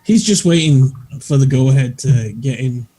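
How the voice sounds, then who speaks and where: A man's voice: medium pitch, unhurried, mellow, breathy edge. A man playing a tabletop game, eagerly describing his character's thoughts. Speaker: player.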